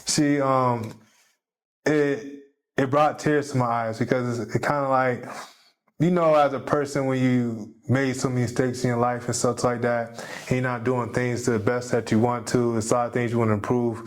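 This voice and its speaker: A man's voice: mid-range voice, steady tone, moderate pace. A man as a podcast guest talking casually and heartfeltly about his kids, rambling and often adding "you know what I mean". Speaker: podcast guest, jiu-jitsu competitor. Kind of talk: casual conversation.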